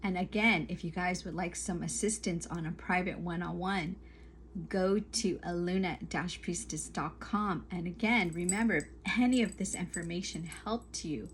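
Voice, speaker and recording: A woman's voice: fairly low pitch, normal speed, slight background noise. A woman talking to camera as a spiritual coach, giving earnest advice in emphatic, repetitive lists.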